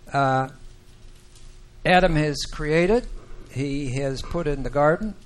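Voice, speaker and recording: A man teaching a Bible class, explaining verses deliberately and with emphasis, and putting questions to the class. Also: a little high.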